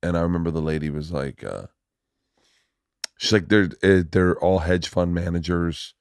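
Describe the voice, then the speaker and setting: Deep-voiced rowdy male podcast host. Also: normal speed, clean tone, no echo, clean studio sound. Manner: rowdy, animated anecdotes with profanity. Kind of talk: casual podcast chat.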